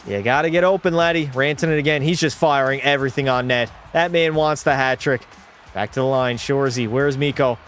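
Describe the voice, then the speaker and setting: A man's voice: mid-range voice, a little fast, a little hiss or hum. A young man streaming a hockey video game, calling the plays like a broadcaster, swearing freely and talking to his chat. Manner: excitable play-by-play, swears freely, talks to chat. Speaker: gaming streamer.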